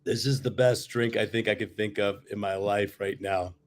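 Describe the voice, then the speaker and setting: A man's voice: on the low side, fairly even intonation, moderate pace. Easygoing man with a worn voice. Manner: easygoing, rambling with fillers. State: voice worn from touring. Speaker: guest musician. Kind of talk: casual video-call chat. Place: hotel room.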